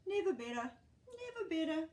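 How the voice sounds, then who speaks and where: A woman's voice: extremely high pitch, big pitch swings, normal speed, a little mellow, voice pushed up. A woman voicing a cheerful, very old man in a children's storybook reading, hearty and chuckling through his catchphrase. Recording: roomy, distant mic.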